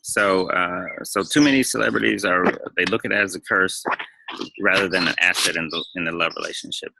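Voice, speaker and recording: A man's voice: low voice, fairly quick, vocal fry, pushed and bright, a little hiss or hum, poor audio. A man talking as a dating coach, giving emphatic advice and repeating phrases to drive points home. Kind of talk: advice monologue to camera.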